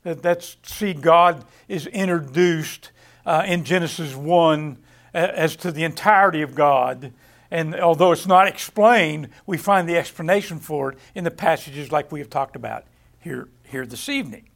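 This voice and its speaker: High-voiced man teaching from scripture. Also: creaky, fairly bright tone. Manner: halting, repeats words, reads scripture aloud. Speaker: preacher. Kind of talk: Bible study sermon.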